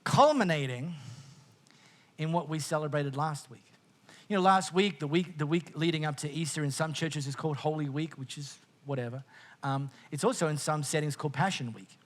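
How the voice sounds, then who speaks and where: A middle-aged Australian man preaching a sermon as pastor, conversational and jokey, with frequent quick restarts. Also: on the high side.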